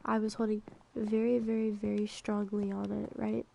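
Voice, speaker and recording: A young woman rambling through a personal story, full of filler words, sometimes dropping to a soft whisper. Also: mid-range voice, little pitch movement, moderate pace, creaky, slight background noise, rough recording. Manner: drops to soft whispers at times. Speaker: gaming vlogger. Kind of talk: storytime while playing a game.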